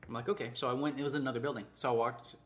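A man's voice: mid-range voice, steady tone, very fast. An American man, a podcast co-host, telling a story in casual chat with lots of laughing.

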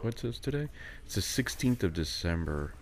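A man's voice: sits low, big pitch swings, normal speed, slight background noise. A man co-hosting a podcast in casual chat, rambling and hesitant. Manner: rambling, hesitant, many fillers and restarts. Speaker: podcast co-host.

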